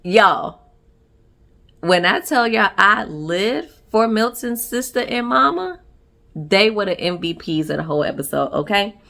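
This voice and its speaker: A woman's voice: medium pitch, lively intonation, a little slow, vocal fry, bright, forceful tone. A woman giving a sassy, chatty recap of a reality show episode, laughing often. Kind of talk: casual recap commentary.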